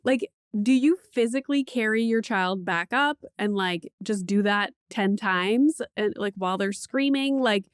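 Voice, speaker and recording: A podcast host who is a mother of a young child tells a candid parenting story, cursing liberally and leaning on "like." Her medium-pitched voice is clean and unhurried with few pauses, captured in studio quality with no room sound.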